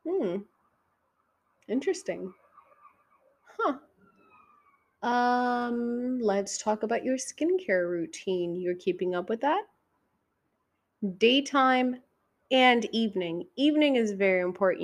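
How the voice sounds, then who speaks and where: Woman in her thirties, solo podcast host, unhurried, foul-mouthed, playful, pitch jumps up when excited. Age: 30s. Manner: profane, teasing, talks straight to the listener; high inflection when excited. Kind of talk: casual solo podcast chat.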